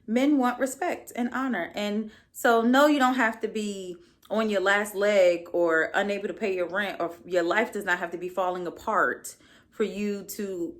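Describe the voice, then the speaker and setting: A woman's voice: medium pitch, fairly even intonation, normal speed. A young adult woman hosting her own podcast, giving a casual solo recap in a sassy, blunt and profane way with playful asides. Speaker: podcast host.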